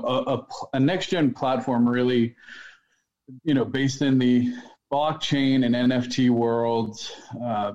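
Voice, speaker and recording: Male podcast co-host, jokey banter, mid-pitched, slightly muffled recording. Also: a little mellow. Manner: jokey, laughs easily. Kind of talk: casual podcast chat. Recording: slightly dull, muffled sound.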